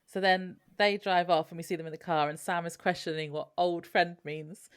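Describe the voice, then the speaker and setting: Woman, podcast co-host, deep for a woman, relaxed recapper. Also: moderate pace, clear, resonant tone. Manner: easygoing, laughs often, filler-heavy. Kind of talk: casual episode recap.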